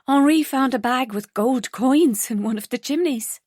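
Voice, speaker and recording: A woman narrator voicing a warm, earnest young heroine with an emotional, bright delivery. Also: sits high, normal speed, dry recording, studio quality, voice pushed up.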